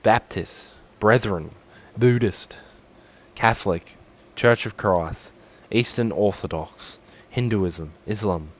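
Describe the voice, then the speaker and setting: A man's voice: fairly low pitch, slow. A young Australian man with an Australian accent, rambling sarcastically and swearing as he talks through a form on a casual livestream.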